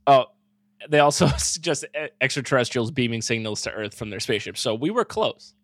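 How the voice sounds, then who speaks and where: Young male podcast co-host, lively joking delivery, reads facts then riffs, dry close sound. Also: medium pitch, a little fast, no echo. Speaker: podcast co-host reading about the topic. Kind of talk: casual comedic podcast banter.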